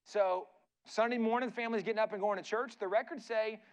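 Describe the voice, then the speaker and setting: A man's voice: high voice, fairly even intonation, fast talker, muffled recording. A man speaking as a guest preacher in a church, telling a story in a casual, conversational way with frequent "like" and "right?" asides.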